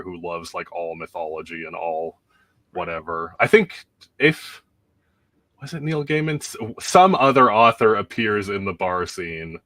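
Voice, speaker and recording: A man's voice: low voice, pushed and bright, dry recording. A man hosting a podcast and chatting casually about a film, rambling and laughing often as he talks. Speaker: podcast host.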